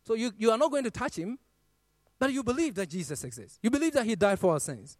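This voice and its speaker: This high-voiced preacher moves fast, his scripture quotations swelling in a sing-song, half-sung cadence. Everything is captured dry and up close, without any echo.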